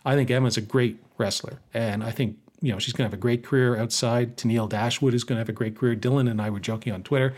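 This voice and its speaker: Chatty male podcast co-host. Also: mid-range voice. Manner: animated, joking, quick to riff. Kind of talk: casual chat.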